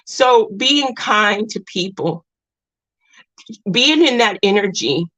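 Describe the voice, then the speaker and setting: A woman's voice: mid-range voice, lively intonation, slow pace, fairly bright tone, poor audio. A woman telling a personal story in a casual vlog, earnest and rambling, with restarts and moments near tears. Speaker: vlogger.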